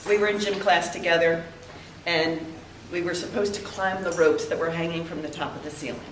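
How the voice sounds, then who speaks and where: A woman's voice: fairly low pitch, steady tone, a little hiss or hum. Older woman giving a eulogy in an echoey room. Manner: heartfelt storytelling with pauses. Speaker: eulogy speaker. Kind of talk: memorial tribute speech. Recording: echoey room, heard from a distance.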